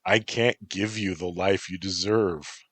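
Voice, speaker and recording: A man voicing a sarcastic young man weighed down by guilt, speaking in a low, slow voice. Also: steady tone, breathy edge, dry recording, heavily acted. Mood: remorseful. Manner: sarcastic, quietly remorseful.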